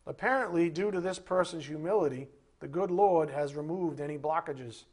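Animated high-voiced man preaching. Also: normal speed. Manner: animated, rhetorical questions, acted-out dialogue. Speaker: Bible teacher. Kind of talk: sermon.

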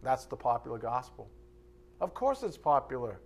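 A man's voice: medium pitch, sing-song, normal speed, gravelly. A male pastor preaching a sermon in a blunt, conversational way, with sarcastic asides.

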